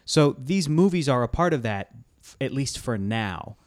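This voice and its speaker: A man's voice: mid-range voice, expressive, normal speed, darkish tone, no room sound, studio quality. A young man hosting a film podcast in a casual chat, rambling and laughing as he talks. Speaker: podcast host.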